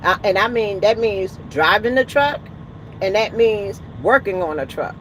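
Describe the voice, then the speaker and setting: An indignant woman trucker speaks, venting in a casual vlog with emphatic bursts. Her voice sits at a middle pitch. Faint traffic noise comes through from outside. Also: animated, unhurried, a bit bright. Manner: emphatic and indignant, retelling conversations with rising outbursts. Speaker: truck driver. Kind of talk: ranting vlog storytelling. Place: in or by a truck at a roadside.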